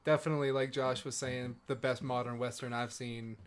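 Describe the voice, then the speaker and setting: A man enthuses about an actor's performance in a relaxed chat with friends, dropping casual swear words. His pitch is ordinary and middle. The talk is loose and conversational. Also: brisk, clear, resonant tone. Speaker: podcast co-host.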